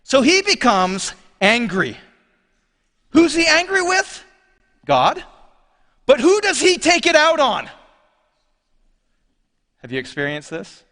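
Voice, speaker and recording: A man's voice: extremely high pitch, wildly swooping pitch, slow, pauses often, pushed and bright, long reverb tail. A man preaching a sermon as pastor, talking conversationally and questioning his congregation. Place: church sanctuary.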